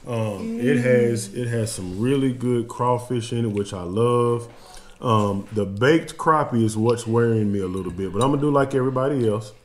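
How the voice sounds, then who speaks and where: A man's voice: medium pitch, normal speed. Folksy man vlogging in a roomy kitchen. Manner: folksy and emotional, addresses viewers as y'all. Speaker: fishing channel host. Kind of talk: casual food-tasting vlog. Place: home kitchen. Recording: roomy indoor sound with faint background noise.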